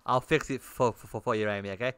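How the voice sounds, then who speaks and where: A man's voice: medium pitch, steady tone, fast, fairly bright tone, clean tone, dry recording, faint music behind. A young man streaming a game, chatting bluntly with his viewers and swearing often. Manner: blunt and swearing, talking to chat in bursts. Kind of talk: casual livestream chat while gaming.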